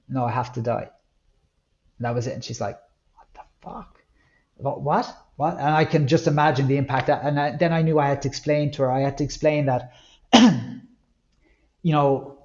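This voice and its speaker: Irish male guest, middle-aged, candid reflective storyteller, lo-fi recording. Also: medium pitch. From Ireland. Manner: candid, reflective, with lively acted-out quotes. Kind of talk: personal storytelling interview.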